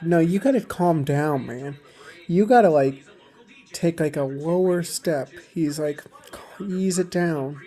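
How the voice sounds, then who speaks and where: A man's voice: on the high side, warm tone. A young man casually retelling relationship advice he got, rambling with lots of fillers. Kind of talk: casual storytelling vlog.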